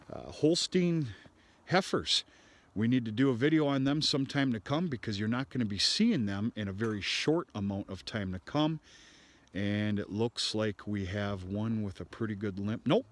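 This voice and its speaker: A man who raises cattle, talking casually and bluntly to camera on his farm, rambling and cursing mildly as he walks around. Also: fairly low pitch. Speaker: cattle farmer. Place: outdoors on a farm.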